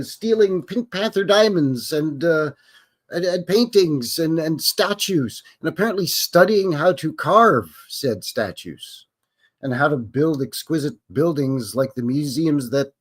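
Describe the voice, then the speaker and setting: A man with a Canadian accent hosting a live stream, chatting casually in a joking, rambling way full of folksy slang. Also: fairly high pitch. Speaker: host.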